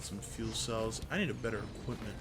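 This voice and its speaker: A young man commentating his own gameplay in a casual way, swearing and breaking into sudden yelps and shouts. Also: on the low side, fairly quick, a little hiss or hum. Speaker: gameplay streamer. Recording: loud game music behind the voice.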